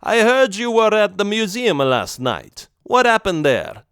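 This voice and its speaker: A man's voice: high voice, sing-song, a little slow, fairly bright tone, smooth, dry recording, clean studio sound, pitched above the performer's own voice, heavily acted. A man voicing a pompous, jealous Italian mob boss with a thick put-on Italian accent, read in a storybook. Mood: menacing.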